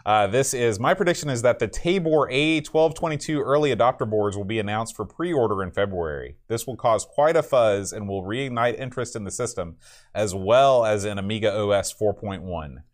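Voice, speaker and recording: Speaking at a moderate pace in a lowish register, a male podcast co-host keeps the conversation casual. He chuckles while reading out listeners' predictions.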